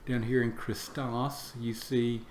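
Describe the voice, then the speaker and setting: A man teaching Greek vocabulary in a slow lesson. He repeats each word for drill and fills pauses with "uh". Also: mid-range voice, flat delivery. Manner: slow, repeats words for drill, many "uh" fillers. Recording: echoey room with faint background noise.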